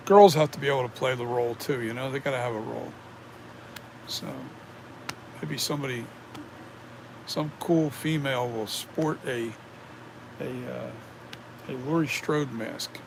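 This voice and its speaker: A man's voice: mid-range voice, moderate pace, vocal fry, pauses often, a little hiss or hum. A man who makes masks, chatting casually on a live stream, rambling as he reads and answers viewer comments. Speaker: mask maker streaming to viewers.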